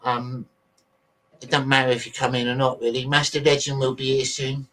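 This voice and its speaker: A man's voice: mid-range voice, level tone, normal speed, fairly bright tone. A man hosting a casual livestream, rambling chattily to his viewers and swearing freely while he sorts out videos on his computer. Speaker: livestream host.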